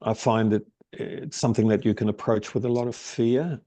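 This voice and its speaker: A man in a workshop group asking a question hesitantly, with many pauses and ums. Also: fairly low pitch, steady tone, warm tone, no echo. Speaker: workshop participant.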